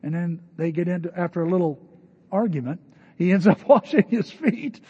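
An older male pastor preaches in a chatty, storytelling manner, his voice pitched high yet warm and slightly husky. The recording is dull and lo-fi, with a long reverb trailing through a large church hall. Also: expressive, moderate pace. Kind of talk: sermon.

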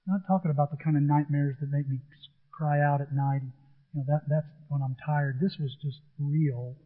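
A man's voice: fairly high pitch, steady tone, normal speed. Earnest middle-aged man preaching, tinny sound. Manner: earnest, repetitive, emphatic preaching. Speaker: pastor. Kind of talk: sermon.

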